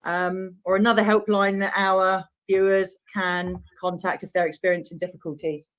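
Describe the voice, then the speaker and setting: A woman's voice: fairly low pitch, flat delivery, moderate pace, a bit bright. A woman co-hosting a casual panel chat, steering the talk with a joking manner. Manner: steers the conversation, jokey. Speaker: co-host.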